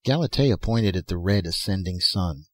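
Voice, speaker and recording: Husky-voiced male audiobook narrator. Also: low-pitched, expressive, moderate pace, a little mellow. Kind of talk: scripted narration.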